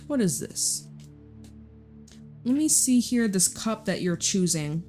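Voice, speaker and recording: A woman's voice: mid-range voice, sing-song, takes it slowly, dark tone, soft background music. A young woman giving a casual tarot reading, chatty and blunt, swearing freely and laughing often. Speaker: tarot reader.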